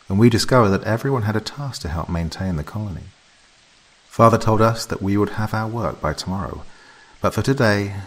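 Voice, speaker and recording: A man with a very deep, husky voice narrates a horror story. His delivery is measured and softly dramatic, in the manner of a scripted spooky tale. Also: poor audio.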